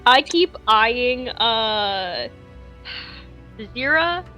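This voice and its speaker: Bright-voiced joking woman player. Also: a little high, lively intonation, drawn-out words, lo-fi sound, faint music behind. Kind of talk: casual tabletop game chat.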